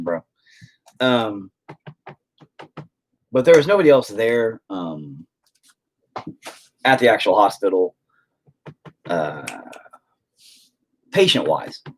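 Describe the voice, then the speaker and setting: A man's voice: lowish voice, husky. A man hosting a casual stream, telling a story to viewers in a rambling way and swearing freely. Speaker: stream host chatting with viewers.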